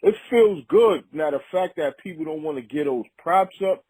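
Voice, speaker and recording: A rapper from Harlem, talking as a guest in a casual conversation, full of street slang and frequent "you know what I'm saying.". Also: male voice, fairly high pitch, expressive, moderate pace, a little mellow, slightly rough, rough recording. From Harlem, New York.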